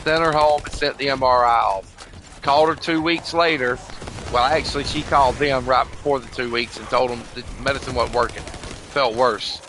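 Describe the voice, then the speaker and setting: An older man on voice chat, a gamer with a mid-range voice, tells a long, rambling, emotional story over a noisy background. He swears often and keeps repeating "bro" and "you know what I mean."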